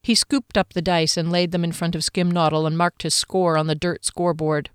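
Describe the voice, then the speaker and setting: A woman narrating a fantasy storybook in a measured, even manner. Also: lowish voice, clean tone, no echo, studio quality. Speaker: audiobook narrator.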